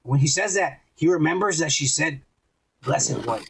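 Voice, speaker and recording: A man's voice: fairly high pitch, expressive, normal speed, vocal fry, a bit bright, a little hiss or hum, poor audio. A man co-hosting a podcast, recapping an episode in rambling, profane casual chat and acting out quotes. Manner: crude, rambling, acts out quotes. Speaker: podcast co-host.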